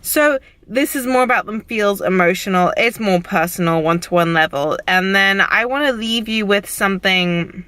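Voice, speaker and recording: Young woman vlogger, bright voice, frank and encouraging, faint traffic behind. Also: medium pitch, normal speed, hardly any pauses, poor audio. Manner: frank, chatty, encouraging, swears casually. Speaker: vlogger and recovery coach. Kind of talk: casual advice vlog. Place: outdoors by a road with passing cars.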